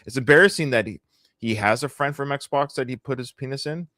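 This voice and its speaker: A man's voice: mid-range voice, fairly quick, sharp tone, dry recording, clean studio sound. A middle-aged Canadian man co-hosting a live podcast, chatting casually with a joking, rambling, sarcastic manner. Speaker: podcast co-host.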